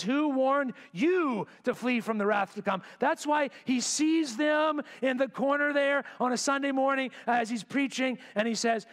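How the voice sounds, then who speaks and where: A man preaching a sermon to his congregation in a church, swinging between loud emphatic bursts and quiet, intense lines. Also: very high-pitched. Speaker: pastor. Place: church sanctuary.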